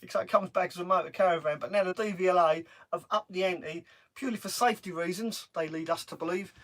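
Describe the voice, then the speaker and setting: A man's voice: sits high, fast. A middle-aged man chatting casually on a live stream from his camper van, rambling and laughing often. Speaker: van-life vlogger. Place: parked camper van on a driveway.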